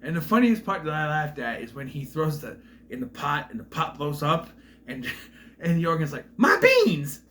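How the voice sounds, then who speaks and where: A man giving a casual, rambling recap of a film's plot, with restarts and asides, who sometimes acts out characters' lines in loud voices. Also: fairly high pitch, normal speed, slight background noise. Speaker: film reviewer.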